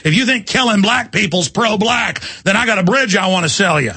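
A man in middle age rants on his talk radio show, his voice bright and edgy with a husky grain. He fires off heated, insulting tirades at his audience, pitched a bit high, recorded dry and close in a studio. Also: lively intonation, moderate pace, hardly any pauses, no room sound. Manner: combative, insulting, heated ranting. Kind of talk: ranting talk radio monologue. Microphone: studio microphone.

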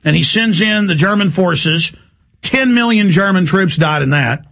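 A male talk radio host rattles through a heated, rambling monologue. His voice is gravelly and husky and sits somewhat high for a man. He talks fast and keeps pushing ahead. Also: animated, a bit bright.

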